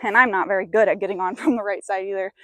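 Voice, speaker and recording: A woman's voice: mid-range voice, fairly even intonation, very fast, a little hiss or hum. A woman horse trainer talking through a training session on a clip-on mic, chatting to viewers and cooing praise to her horse. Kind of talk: mic'd-up training commentary. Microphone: clip-on mic while working a horse.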